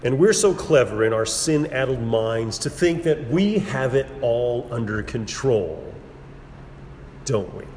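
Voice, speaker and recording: A man preaching a sermon in a measured, emphatic way, building repeated phrases and pausing for effect, recorded in a church sanctuary. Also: mid-range voice, animated, a little mellow. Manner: measured, emphatic preaching with repetition and dramatic pauses. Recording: roomy hall with long reverb and faint background noise.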